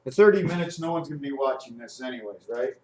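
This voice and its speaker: A man in his fifties rambling through a spiritual monologue to camera, swinging between high loud bursts and low muttering. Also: lively intonation, fast talker, heavy background noise. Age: 50s. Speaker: vlogger.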